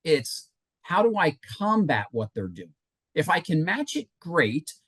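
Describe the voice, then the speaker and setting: A man's voice: on the high side, very animated, unhurried, fairly bright tone, slightly rough, no room sound. A man presenting a business workshop in a conversational, emphatic way, talking to a live audience and reacting to comments. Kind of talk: live webinar teaching.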